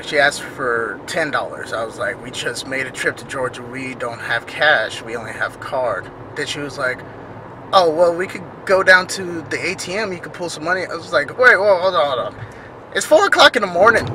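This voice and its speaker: A man tells a late-night story to his camera from inside a car, his voice bright and a little high. He is animated and acts out each line of dialogue he quotes, over a faint hum of road noise. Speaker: vlogger. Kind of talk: casual storytelling.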